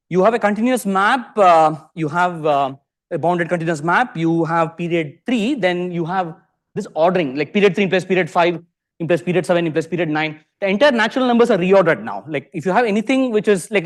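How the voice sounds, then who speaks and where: Animated Indian man giving a lecture. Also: high voice. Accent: Indian English. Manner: animated, peppers sentences with rhetorical questions. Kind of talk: conference lecture to a live audience. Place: lecture hall.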